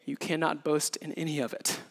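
A man in his thirties preaching a sermon in an animated way, acting out little scenes with sound effects. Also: a little high, a little fast, creaky. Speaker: pastor. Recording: reverberant hall.

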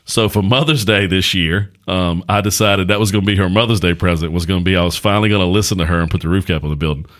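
On a podcast, a middle-aged man with a deep, low voice chats casually, spinning folksy stories as both pastor and host. His manner is relaxed and conversational, and he speaks fast with hardly any pauses.

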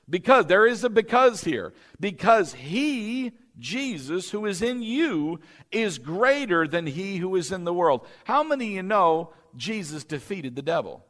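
Male pastor, sermon delivery, higher voice with wide pitch swings, call-and-response style. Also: very animated, unhurried. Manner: preaching with call-and-response prompts; rising to emphatic, louder peaks.

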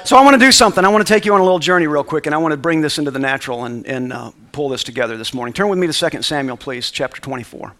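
A man's voice: fairly high pitch, animated, racing, few pauses, a bit bright. A male pastor preaching a sermon to a congregation, reading scripture aloud and calling for responses. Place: church sanctuary with congregation.

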